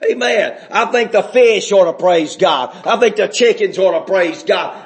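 A man preaching a sermon in a church, folksy and chuckling, climbing into shouts. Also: high-pitched, big pitch swings, unhurried, few pauses. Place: church sanctuary. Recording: echoey room.

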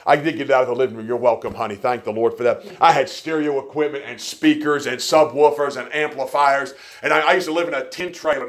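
A man preaching a sermon, telling stories with folksy, joking asides and swinging between quiet remarks and loud emphasis. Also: mid-range voice.

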